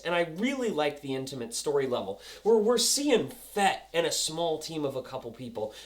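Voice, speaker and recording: Young guy reviewing tv, super animated, hops all over in pitch. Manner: excitable, goofy, acts out scenes. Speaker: TV episode reviewer. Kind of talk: casual review vlog.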